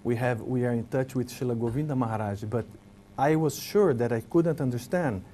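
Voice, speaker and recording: A man with an Italian accent recalls past years in an easy conversation. He speaks English as a second language, often stops and restarts to find the right word, and his voice sits at an average pitch. A faint hiss runs under the recording. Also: mellow. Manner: halting, searching for English words with many restarts. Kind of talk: casual reminiscing conversation.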